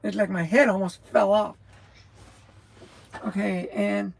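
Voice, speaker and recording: A truck driver in her sixties from New Mexico rambles on her livestream in a medium-pitched, steady voice at a slow pace. It sounds creaky, darkish and husky, with a scratchy, rattly quality. She chats casually, often loses her train of thought, and laughs a lot.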